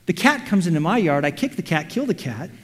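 A man preaching a sermon, animated, acting out quotes and everyday scenes. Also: high-pitched, brisk, background noise. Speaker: pastor. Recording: reverberant hall.

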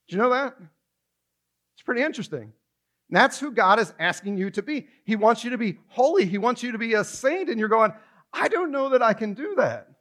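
Male pastor, high voice, lively conversational sermon full of rhetorical questions.

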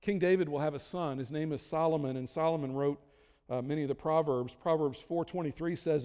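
Casting: man, pastor, slightly high voice, chatty self-deprecating sermon, reverberant church hall. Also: normal speed, darkish tone. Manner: conversational, self-deprecating humor, frequent restarts.

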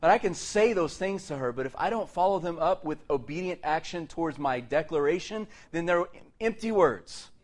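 Middle-aged guy preaching, kinda high voice, cracks jokes between points. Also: moderate pace, hardly any pauses. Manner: lively, joking asides and laughs between points. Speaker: pastor. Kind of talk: sermon.

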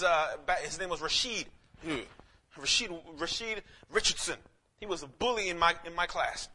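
Young male preacher, high-pitched and bright, animated sermon storytelling, casual slang, restarts often. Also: slight background noise. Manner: animated storytelling, slips into quoted voices, frequent restarts.

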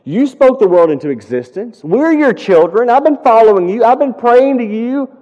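Pastor preaching in an echoing hall. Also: male voice, extremely high pitch, expressive, moderate pace. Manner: earnest storytelling, rising to impassioned pleading prayers. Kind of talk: sermon. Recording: dull sound with long hall reverb.

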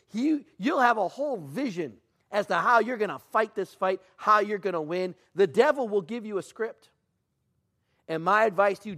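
A man preaching a sermon as pastor, telling stories with acted-out quotes and swinging from hushed, low lines to loud, high outbursts.

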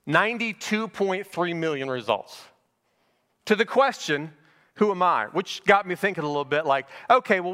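A man's voice: a little high, pushed and bright, long reverb tail. A middle-aged male pastor giving a conversational verse-by-verse sermon, asking rhetorical questions as he goes. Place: church sanctuary.

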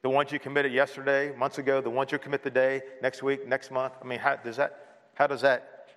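A man's voice: mid-range voice, little pitch movement, fairly quick, fairly bright tone. A man preaching a sermon as pastor, earnest, with many rhetorical questions. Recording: long hall reverb.

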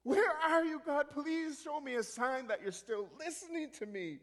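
Guy doing a frantic tearful woman praying, high and loud, big echoey hall. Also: animated, normal speed. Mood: desperate prayer. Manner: pleading, tearful, high-pitched. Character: distraught young woman praying desperately.

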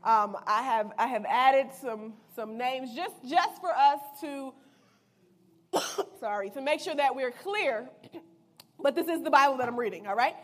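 A woman's voice: high voice, a little slow. A woman giving a casual, playful sermon, reading scripture and retelling it in slang. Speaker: preacher.

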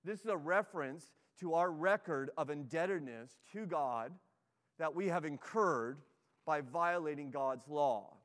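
A man preaching from the pulpit, earnest and emphatic as he reads scripture and pleads with his listeners. His voice sits on the high side for a man. It rings out with a long reverb through a church hall. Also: unhurried, fairly bright tone. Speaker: pastor. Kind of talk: sermon.

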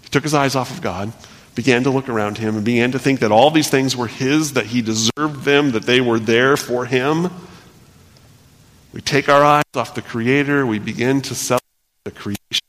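A man preaching a sermon, earnest and repetitive, swinging between loud emphasis and hushed delivery. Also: medium pitch, normal speed. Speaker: pastor. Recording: long hall reverb.

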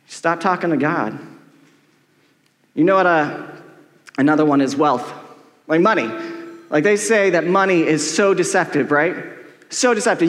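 A middle-aged male pastor with a high-pitched voice preaches in a relaxed, joking manner, filling his talk with "like." His voice rings with the long reverb of a church hall. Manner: casual, joking, heavy use of "like". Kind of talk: sermon.

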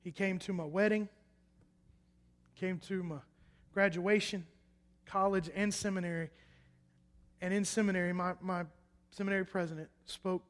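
A young man preaching a personal testimony, swinging between loud emphatic bursts and hushed quiet lines. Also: high-pitched, steady tone, moderate pace. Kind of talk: sermon testimony. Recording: echoey hall reverb.

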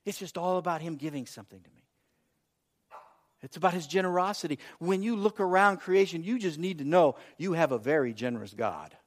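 High-pitched middle-aged pastor guy, animated sermon, repeats himself a lot. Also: brisk. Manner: animated storyteller, repeats phrases, acts out quotes.

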